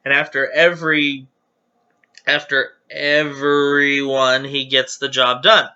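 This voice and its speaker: A man's voice: mid-range voice, little pitch movement, takes it slowly, pushed and bright, clear, resonant tone, muffled recording. A man hosting his channel, casually reading viewer jokes aloud with chatty, giggly, self-deprecating asides.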